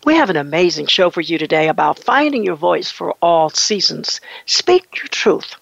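A woman hosts a talk show in an enthusiastic, effusive way. Her voice has a gravelly fry. The recording is dry and a little dull and lo-fi. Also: fairly low pitch, no echo. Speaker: podcast host. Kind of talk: radio talk show hosting.

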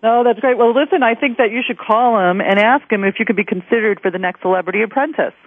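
A woman's voice: fairly high pitch, quick pace, no room sound. Woman host on a tinny line. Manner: talkative, opinionated, candid. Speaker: radio host. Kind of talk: interview chat. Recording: tinny phone line, dry.

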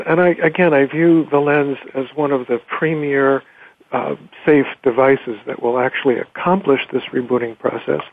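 A man's voice: mid-range voice, vocal fry. A man hosting an interview, talking in a reflective, conversational way with frequent hedges like "you know". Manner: reflective, conversational, with hedging fillers. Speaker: interview host, clinician. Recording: tinny phone-like audio.

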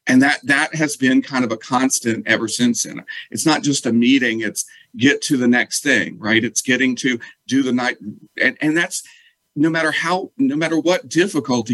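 A man's voice: mid-range voice, a bit bright, no room sound, low-quality recording. Earnest man telling his story. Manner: earnest, halting, with many restarts. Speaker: guest. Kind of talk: candid interview storytelling.

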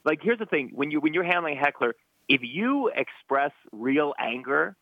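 A man's voice: a little high, animated, normal speed, no room sound. Man, comedian guest, rambling storyteller, dry, phone-like sound. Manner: rambling storyteller, self-deprecating. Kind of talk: casual anecdote telling. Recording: dry tinny phone line.

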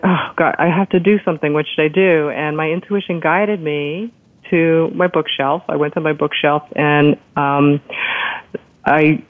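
A woman telling a personal story in a casual, lively way, acting out the people she quotes. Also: sits low, no echo. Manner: lively retelling, acts out quoted doctors. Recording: tinny phone-line sound.

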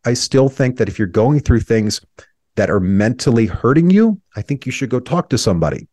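A man's voice: medium pitch, very animated, fairly quick, darkish tone, no echo, studio quality. A man in his thirties, an interview guest, telling a painful personal story in an earnest, reflective way, his voice sometimes breaking with emotion.

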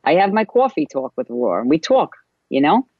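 A wellness coach talks through spiritual self-help ideas in a loose, casual way. The delivery meanders, with frequent pauses and fillers, at a mid pitch. The recording sounds dull and muffled, with a dry, close feel. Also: sing-song, no room sound.

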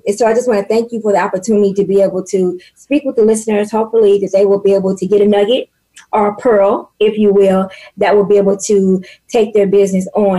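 Loud, animated husky-voiced woman guest. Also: mid-range voice, low-quality recording. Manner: loud, animated, preachy storytelling. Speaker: podcast guest. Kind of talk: casual faith and business chat.

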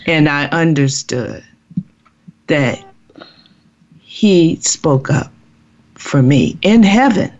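A woman sharing a personal faith testimony in a halting, earnest way, with many restarts. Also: fairly low pitch. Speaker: guest sharing her testimony. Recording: muffled lo-fi recording.

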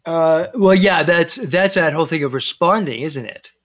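A man's voice: a little high, moderate pace, no echo. A man in casual conversation, telling stories with lots of fillers and restarts. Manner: animated storyteller, many fillers and restarts.

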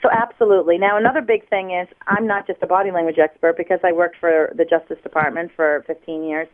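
A woman from the United States teaches listeners in a lively, explaining voice, sitting a little low in pitch. She is heard down a thin, tinny telephone line as a radio guest, often acting out little examples. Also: fast. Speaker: body language expert guest. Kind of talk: radio interview over the phone.

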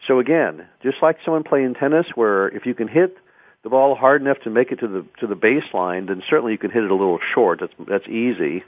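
A man's voice: medium pitch, quick pace, no room sound. A man hosting a radio talk show, giving conversational advice on public speaking and often restarting words. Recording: tinny phone-like radio sound.

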